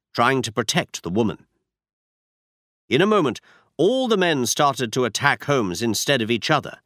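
A man narrating a story in the first person with a measured, expressive reading. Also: mid-range voice, dry recording, studio quality. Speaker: audiobook narrator.

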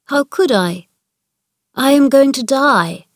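A woman's voice: fairly high pitch, moderate pace, no room sound, clean studio sound, natural voice. A woman voicing a bossy sickly boy. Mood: gloomy. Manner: commanding, imperious. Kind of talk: read-aloud storybook dialogue.

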